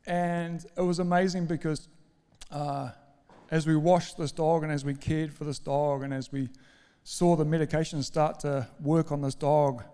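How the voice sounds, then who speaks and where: A middle-aged man preaching a sermon, telling a story in an animated, self-mocking way with emphatic strings of words. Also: fairly high pitch, clear, resonant tone. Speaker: pastor. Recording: long hall reverb.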